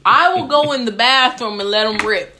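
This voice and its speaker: A woman chats on a casual podcast with a fairly high voice. Her delivery rises and falls freely, and she is blunt, laughs often and swears freely. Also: expressive, normal speed, bright, forceful tone, a little hiss or hum. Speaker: podcast co-host. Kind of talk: casual chat.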